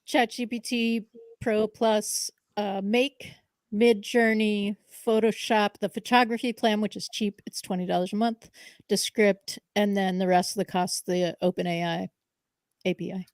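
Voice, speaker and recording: A woman co-hosting a casual panel chat, speaking quickly and laughing easily. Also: mid-range voice, steady tone, a little mellow, dry recording, studio quality.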